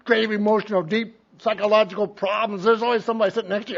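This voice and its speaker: High and gravelly yet steady in tone, this man from Montana speaks fast with hardly any pauses. Sharing his story at a recovery meeting, he's folksy and acts out what others said, all on dull lo-fi meeting tape.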